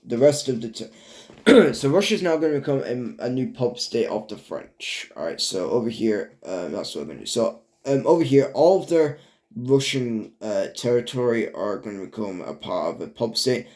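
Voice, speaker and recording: A man narrating a strategy game, halting, with many fillers and restarts. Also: mid-range voice, expressive, a little mellow. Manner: stumbles over words. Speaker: video narrator. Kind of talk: casual game commentary.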